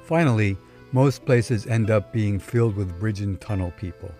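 Low, mellow male voice; wry, measured storyteller reading a personal story over faint music. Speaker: podcast storyteller. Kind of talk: scripted first-person story narration.

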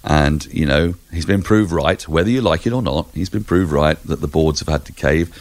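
A man joining a podcast as a guest cricket commentator, speaking in a wry, articulate, lively way. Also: a bass voice, moderate pace, dry recording. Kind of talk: conversational podcast chat.

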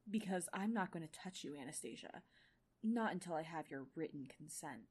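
A brooding, controlling rich young man with a cryptic, teasing edge, as a woman reads his lines aloud. He speaks slowly, low and quiet, as if enjoying holding something back. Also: expressive, slightly rough.

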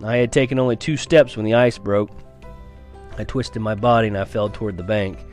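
A man's voice: lowish voice, fairly quick, a little mellow, faint music behind. A man reading a first-person novel aloud in an earnest storytelling manner, with small stumbles and restarts. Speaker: reader of a novel.

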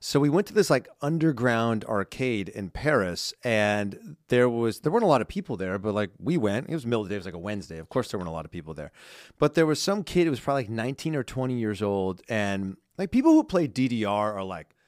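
A man's voice: on the low side, quick pace, no room sound, clean studio sound. A man from California, a podcast co-host, telling stories in a casual chat, full of fillers. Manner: animated storyteller, many fillers.

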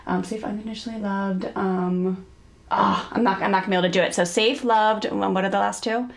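A woman's voice: medium pitch, steady tone, brisk, vocal fry. A middle-aged woman hosting a parenting podcast, talking in an earnest, chatty way and laughing often. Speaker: podcast host and parenting educator. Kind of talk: casual podcast conversation.

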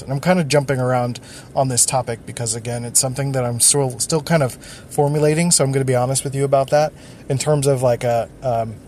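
Guy doing a solo podcast, rambles and restarts a lot, faint rumble behind him. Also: a little mellow. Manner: rambling, thinking aloud with restarts. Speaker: podcast host.

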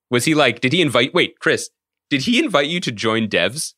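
A man's voice: mid-range voice, a little fast, no room sound, studio quality. A man co-hosting a podcast, chatting casually and riffing with jokes. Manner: joking, animated riffs. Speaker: podcast co-host. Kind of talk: casual chat.

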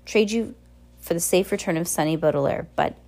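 A brave teenage girl, firm and earnest, as a woman reader voices her. Her tone is dark and mellow with a gravelly edge. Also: fairly low pitch, a little fast, close to an everyday voice. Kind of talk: audiobook reading.

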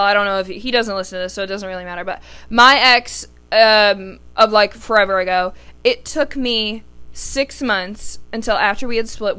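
Bright-voiced candid young woman podcaster. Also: medium pitch, smooth. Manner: candid, swears freely, heartfelt. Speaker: podcast host. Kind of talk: casual solo podcast talk.

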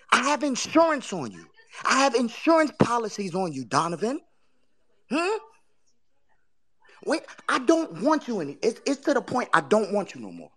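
Profane, taunting woman podcast host. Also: breathy edge. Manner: profane, taunting trash talk; animated, swings between loud jabs and low mutters. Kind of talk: casual sports talk rant.

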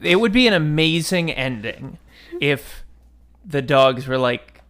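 A man's voice: on the high side, animated, slow, a bit bright. Man, podcast co-host, wry and rambling, casual book talk.

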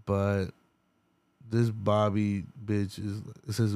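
Slow-talking profane man ranting. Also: mid-range voice, clear, resonant tone, no room sound. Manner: profane, rambling, laughing often. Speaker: podcast host. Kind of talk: casual rant.

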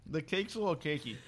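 A man's voice: on the high side, a little hiss or hum. A young man cracking jokes and laughing in a casual chat among friends. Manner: wisecracking, laughing.

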